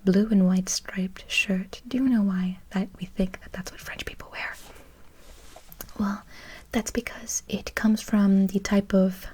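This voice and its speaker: A woman in a whispered role-play as a French tutor. She talks to the listener softly and encouragingly in a chatty way, close to the microphone. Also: mid-range voice, fairly even intonation, unhurried, slightly rough.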